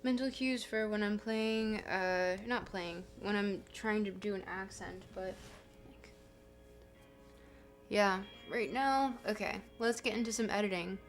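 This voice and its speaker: A young woman chats casually on her stream, rambling and correcting herself as she goes. Her voice sits at an everyday middle pitch. Soft guitar music plays faintly underneath. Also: a little slow. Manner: rambling, self-correcting, chatty. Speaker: livestream host.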